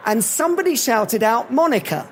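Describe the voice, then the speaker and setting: A man's voice: extremely high pitch, a little slow, a little hiss or hum. Man telling anecdotes on stage. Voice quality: animated, anecdotal storytelling. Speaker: motivational speaker. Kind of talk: live keynote talk with anecdotes. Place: live event hall.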